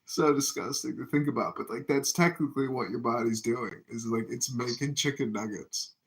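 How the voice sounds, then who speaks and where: A man's voice: mid-range voice, moderate pace. A man in casual podcast chat, ranting crudely and laughing through his own jokes.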